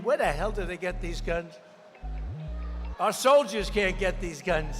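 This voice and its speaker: A man delivers a campaign rally speech in a strikingly high voice, hammering his points with repetition and frequent shouts. His tone is bright and pushing hard. The sound carries a long, echoing hall reverb with faint music underneath. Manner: emphatic, repetitive, often shouting. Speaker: political candidate. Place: large rally venue.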